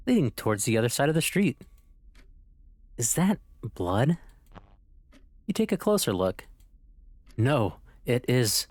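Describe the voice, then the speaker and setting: A man playing a visual novel and reading its narration aloud, in an animated manner. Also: fairly low pitch, vocal fry, no echo. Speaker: streamer.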